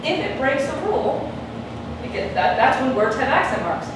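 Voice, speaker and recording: Her voice high and very animated, this Spanish teacher talks at normal speed while leading a class. She repeats her questions with patience and draws out words to mark the stressed syllables. It was captured from afar in a noisy, echoing room.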